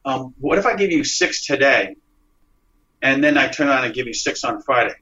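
A man voicing his evasive, hurried boss who stalls on paying, placating and rushed. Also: mid-range voice, expressive, sharp tone, highs cut off. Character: evasive, hurried male boss dodging a payday.

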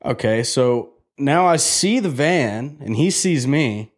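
A man casually telling a story on a podcast, animated and profane, acting out the other people in it. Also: medium pitch, takes it slowly. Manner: animated, profane, acts out quotes in a loud excited voice.

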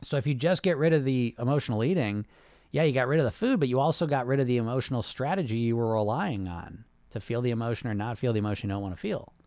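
A man's voice: mid-range voice, animated, quick pace, a little mellow, dry recording. A man hosting a casual coaching talk on weight loss who speaks conversationally, restarts his sentences and keeps tagging them with "right?". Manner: reads viewer comments aloud. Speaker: weight loss hypnotist and podcast host.

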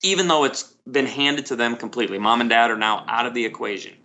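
A middle-aged man, a pastor, telling stories in a lively interview and often repeating words as he starts a sentence. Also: mid-range voice, quick pace, dull audio. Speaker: pastor and author guest. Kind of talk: conversational interview storytelling.

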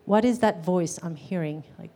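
Woman, class teacher, low-pitched, conversational, full of "um" and "right?". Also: moderate pace, dark tone. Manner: conversational, questions to the audience, many "um"s and "right?". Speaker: gestalt therapy teacher. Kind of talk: live class lecture.

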